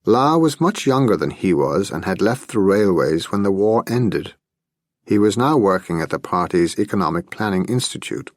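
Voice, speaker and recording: A man narrating an audiobook thriller with steady, scripted storytelling. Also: sits low, normal speed, no room sound, studio quality.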